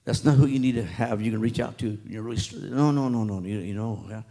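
A man preaching a sermon in a church, animated and acting out street talk. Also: on the low side, quick pace, gravelly.

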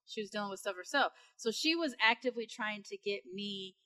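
A woman in her thirties with a Long Beach accent, co-hosting a podcast in animated casual chat, with frequent "like" fillers. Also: medium pitch, fairly quick. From Long Beach, California. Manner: animated storyteller, many "like" fillers. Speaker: podcast co-host.

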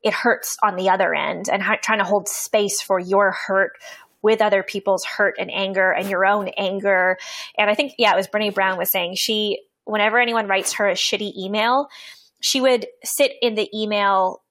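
A woman from Canada speaks as an interview guest, frank and earnest, with casual swearing and a thoughtful, halting rhythm full of fillers and restarts. Her voice sits at a middle pitch and sounds dry and close, with no room echo. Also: steady tone, fairly bright tone. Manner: reflective, with many fillers and restarts. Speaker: interview guest, poet and coach. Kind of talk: candid conversational interview.

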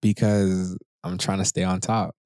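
A man's voice: deep voice, flat delivery, a little slow, darkish tone, no room sound, clean studio sound. Laid-back man joking on a podcast. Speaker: podcast co-host. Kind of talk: casual podcast banter. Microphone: studio microphone.

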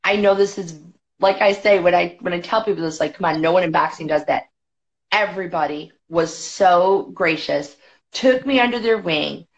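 Chatty low-voiced woman guest, lo-fi. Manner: chatty, quick, many "like" fillers. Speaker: podcast guest, boxing federation executive. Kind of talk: casual storytelling. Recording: dull lo-fi podcast audio.

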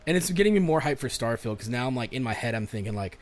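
A young man co-hosting a podcast, rambling excitedly about video games with lots of swearing and restarts. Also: medium pitch, quick pace. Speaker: podcast co-host. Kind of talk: casual chat about games and movies.

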